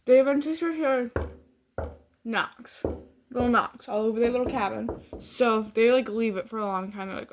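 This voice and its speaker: A woman with a Midwestern American accent talks casually to her camera as a vlogger. Her voice sits a little high. She rambles, restarts her sentences and fills them with "like.". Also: normal speed, noisy background. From Michigan. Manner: rambling, heavy use of "like" and restarts.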